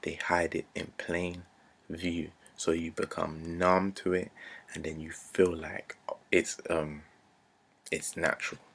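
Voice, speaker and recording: Deep gravelly young man. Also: level tone, slow, fairly bright tone. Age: 20s. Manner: earnest, repetitive, drops to near-whisper. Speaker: vlogger. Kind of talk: unscripted rant to camera.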